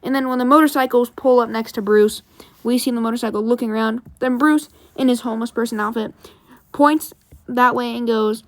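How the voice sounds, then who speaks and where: This fairly high-voiced woman walks through a comic book plot one scene at a time, keeping things brisk. Her tone is relaxed and lively throughout.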